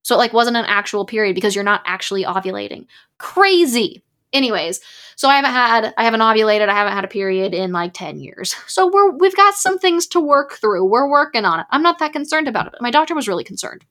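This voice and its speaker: A woman's voice: on the high side, lively intonation, fast, a bit bright. A woman in her twenties hosting a podcast in casual chat, frank and emphatic, full of "like" fillers and swearing when riled. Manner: many "like" fillers. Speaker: podcast host.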